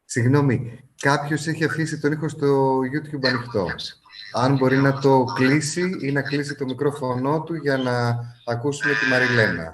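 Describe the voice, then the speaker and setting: Brisk man hosting a live stream. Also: medium pitch, fairly even intonation, slight background noise. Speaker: event host.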